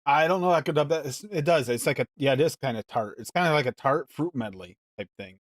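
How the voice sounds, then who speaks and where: Hosting a live mixing show, this man chats casually and reads recipes aloud, rambling and musing as he goes. His voice sits a little high, with lively intonation and a quick pace. The recording is dry and studio-clean.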